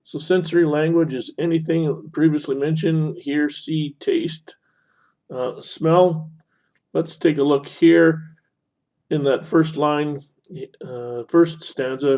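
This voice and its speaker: A man with a mellow, warm tone walks through a poem in a recorded online lesson. He explains as he marks up the text, pausing on fillers and correcting himself as he goes. His pitch sits in a middle range. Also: fairly even intonation. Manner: explanatory, talks while annotating, frequent fillers and self-corrections. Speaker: instructor. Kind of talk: screen-recorded teaching lesson.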